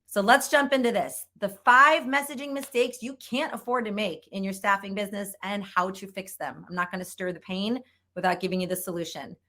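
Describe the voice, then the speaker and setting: A woman's voice: mid-range voice, fairly quick, sharp tone. Woman, middle-aged, sales trainer, conference keynote, upbeat, emphatic, repeats herself for effect.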